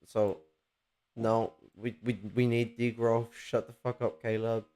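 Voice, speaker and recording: Guy ranting and cussing in a casual chat, sarcastic, normal pitch. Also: little pitch movement, a little slow, warm tone.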